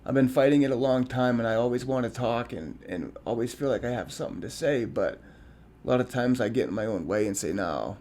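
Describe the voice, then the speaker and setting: A man in the middle of a reflective podcast conversation, talking earnestly. His voice sits at an ordinary middle pitch. He pauses often and restarts his sentences as he works out what he means. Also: dark tone, a little hiss or hum. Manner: earnest, halting, with frequent restarts and ums. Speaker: podcast co-host.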